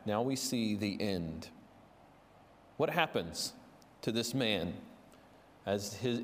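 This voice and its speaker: A man preaching in a church sanctuary, his middle-pitched voice carrying an earnest, storytelling tone. He stumbles into restarts and fillers as he goes. A long reverb trails every phrase, as in a large hall. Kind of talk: sermon.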